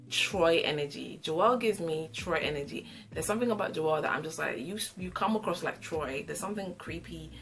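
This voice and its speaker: A young woman giving an opinionated, sassy casual review of a reality show, with animated asides. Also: mid-range voice.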